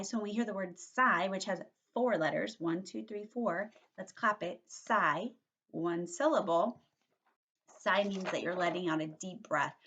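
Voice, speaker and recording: A woman teacher giving a read-aloud vocabulary lesson to young children, animated and patient, checking in with little questioning tags. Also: medium pitch.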